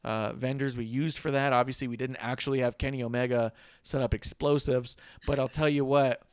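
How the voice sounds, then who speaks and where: A man's voice: medium pitch, steady tone, a little fast, clean tone, no echo, clean studio sound. A man co-hosting a casual wrestling talk show, ranting with sarcasm and swearing freely. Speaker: podcast co-host.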